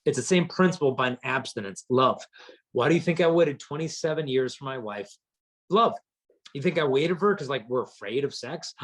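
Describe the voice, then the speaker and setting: Speaking fairly quickly in a mid-range voice, a man gives a chastity talk to teens built around storytelling. His delivery is punchy and funny, and he brings the characters in his stories to life by acting out what they said.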